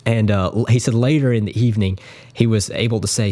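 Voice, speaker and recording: A man's voice: fairly low pitch, steady tone, fairly quick, dark tone. A man speaking casually and earnestly as a guitar YouTuber, rambling in admiration. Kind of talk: casual spoken tribute.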